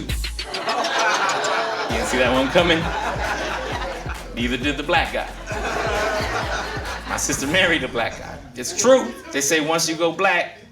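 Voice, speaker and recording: A man in his fifties from the Philippines doing a profane stand-up set, laughing at his own jokes in front of a loud audience. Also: mid-range voice, roomy sound. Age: 50s. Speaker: stand-up comedian. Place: casino stage before a live audience. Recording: stage mic heard from a distance, loud crowd and music. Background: laughing crowd and music.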